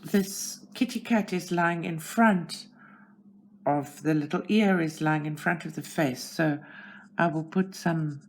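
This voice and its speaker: A low-voiced woman with a South African accent, speaking slowly and unhurriedly with a gravelly edge. She talks through her work in a relaxed, chatty way, poking fun at herself, with faint background noise. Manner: chatty, self-deprecating, talks to herself while working. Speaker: channel host. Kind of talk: casual narration while coloring. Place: at home.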